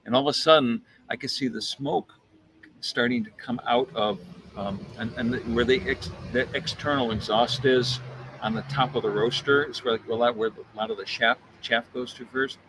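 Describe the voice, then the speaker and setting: A man's voice: medium pitch, normal speed, background noise. A man who roasts coffee, telling a casual story, acting out quotes and repeating words as he thinks. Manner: animated anecdote with acted-out quotes. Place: coffee shop.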